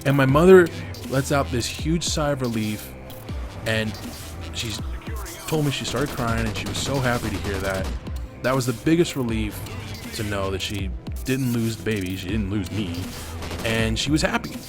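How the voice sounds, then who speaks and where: A young man hosting a gaming channel candidly retells a family story over gameplay, swearing freely. His mid-range voice moves at normal speed with frequent pauses, over faint background music.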